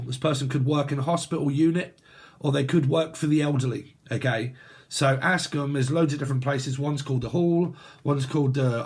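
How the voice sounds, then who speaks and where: A British man with a husky, mid-range voice gives a casual tarot reading that rambles and free-associates. He cracks crude jokes and laughs along the way.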